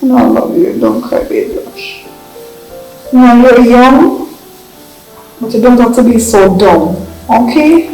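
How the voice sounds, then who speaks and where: A woman's voice: on the high side, lively intonation, a little slow, echoey room, faint music behind, low-quality recording. An actress playing a stern but loving mother who scolds and then forgives her only daughter. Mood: tender. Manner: scolding, pleading, then soft and tender. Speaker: actor in a drama. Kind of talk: film drama acting.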